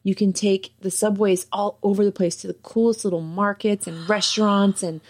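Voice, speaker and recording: A young adult woman from Pennsylvania, a podcast guest chatting in a relaxed, enthusiastic way. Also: medium pitch, normal speed. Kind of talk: casual chat.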